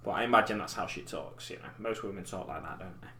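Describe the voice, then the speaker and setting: Talking fast in a low, bright, forceful voice, this thirties-aged man rambles casually through his miniature-painting live stream. His manner is chatty and self-deprecating, picked up by a desk mic in front of the keyboard.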